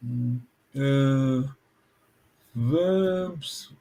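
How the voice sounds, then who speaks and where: A man's voice: medium pitch, drawn-out words, warm tone. A man teaching a language lesson over a video call, patiently checking that his students follow.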